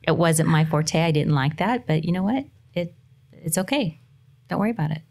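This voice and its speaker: A woman's voice: low-pitched, normal speed, gravelly, darkish tone. A middle-aged woman on a podcast, earnestly giving motherly advice in casual chat. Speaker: guest mother.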